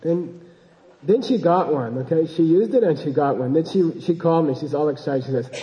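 A man's voice: fairly high pitch, normal speed, dark tone, big-room sound, poor audio. A man giving an informal dharma talk as a Buddhist teacher, rambling and joking and often checking in with his listeners.

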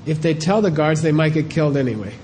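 Mellow man teaching with rhetorical questions. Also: fairly high pitch, animated, quick pace, slight background noise. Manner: conversational, keeps checking in with rhetorical questions. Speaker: spiritual teacher. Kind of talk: informal teaching talk.

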